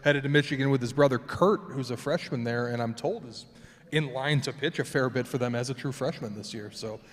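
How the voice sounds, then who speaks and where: A man emceeing a live player draft, brisk and wry, announcing picks and player details. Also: medium pitch. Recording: long hall reverb.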